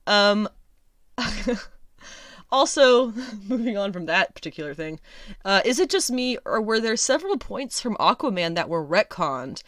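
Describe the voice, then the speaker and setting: A woman hosting a casual solo review podcast, chatty and sarcastic, laughing often and filling pauses with ums. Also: mid-range voice, very animated, fairly bright tone, dry recording, studio quality. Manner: chatty, lots of ums and restarts. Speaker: podcast host.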